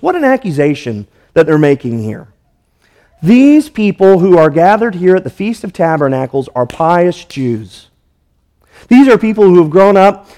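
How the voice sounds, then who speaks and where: A man's voice: sits high, warm tone. A man preaching a sermon, emphatic and repetitive, walking through a passage verse by verse. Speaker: pastor.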